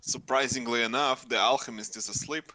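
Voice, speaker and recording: A man's voice: medium pitch, steady tone, a little fast, pushed and bright. A man narrating a tabletop game as game master, hesitant with fillers while describing scenes.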